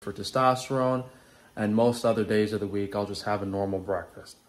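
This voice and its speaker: A man talks through his morning routine in a casual vlog, plainly and matter-of-factly. His voice sits on the low side. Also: fairly even intonation, a little fast, a little hiss or hum. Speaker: diet vlogger in the reacted clip.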